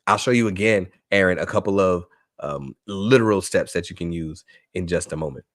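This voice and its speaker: Man, low voice, dry sound, punchy motivational webinar presenter. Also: fairly quick, dry recording. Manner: energetic, emphatic, repeats phrases for effect. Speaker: workshop presenter for teachers. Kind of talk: motivational live webinar talk.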